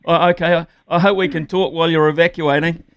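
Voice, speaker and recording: A man's voice: fairly high pitch, fairly even intonation, fast talker, no room sound. A man with a New Zealand accent hosting a sports radio show, giving firm opinions and interviewing a guest with plenty of "uh" fillers.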